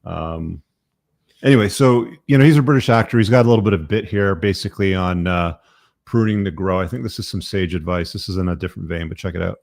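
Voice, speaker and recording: A man's voice: deep voice, fast talker, creaky, darkish tone, dry recording, studio quality. A middle-aged man hosting a podcast, giving blunt, profane opinions with many fillers. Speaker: podcast host. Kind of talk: casual podcast talk.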